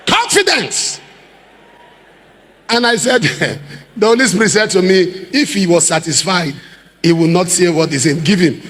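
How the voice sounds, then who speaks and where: A man's voice: high-pitched, lively intonation, a little slow, long pauses, fairly bright tone. A middle-aged Nigerian man preaching a sermon as a pastor, throwing rhetorical questions at his congregation and acting out the people he quotes. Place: large church hall. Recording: long reverb of a large hall.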